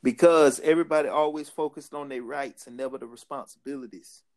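A man's voice: medium pitch, fairly even intonation, fairly quick, a little mellow. Emphatic slangy male podcast co-host. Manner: emphatic, preachy, with street slang and frequent laughter. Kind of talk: casual podcast chat.

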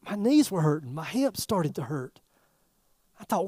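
A man preaching a sermon in a folksy, animated way, throwing rhetorical questions at the congregation. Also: high voice, normal speed, no echo, clean studio sound. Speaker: pastor.

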